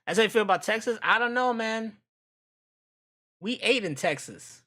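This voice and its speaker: A man hosting a live stream, chatting casually with viewers in a joking, profane, animated way. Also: high voice, normal speed. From United States.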